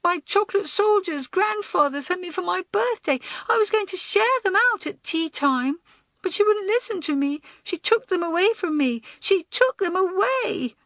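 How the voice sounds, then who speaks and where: A timid little schoolboy wails through his sobs, his voice pitched high and pleading. His voice is close and dry, with no room around it, and he sounds scared for the whole audiobook scene. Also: expressive, normal speed, a bit bright, dry recording, exaggerated voice. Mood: tearful. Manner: sobbing, wailing, high and pleading. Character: small tearful young schoolboy, timid and scared. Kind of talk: audiobook character voice.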